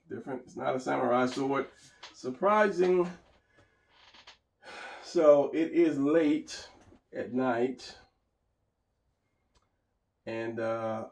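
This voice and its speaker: Man, gravelly, roomy echo, off-mic, casual drawing commentary, rambling. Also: medium pitch, a little mellow, recorded from a distance. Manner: rambling, thinking aloud. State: tired, hiccuping and yawning. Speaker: artist narrating a drawing session.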